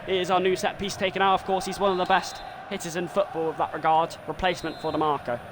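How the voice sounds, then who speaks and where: A man commentating his own football video game live, muttering play-by-play and swearing and yelling when things go wrong. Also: high voice, fairly even intonation, fast talker, hardly any pauses, noisy background.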